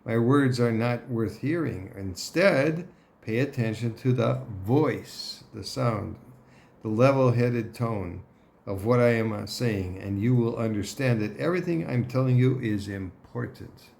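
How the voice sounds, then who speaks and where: A man giving a Torah lesson in a deliberate manner, often clearing his throat and checking in with his listeners. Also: mid-range voice, a little mellow. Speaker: Torah teacher.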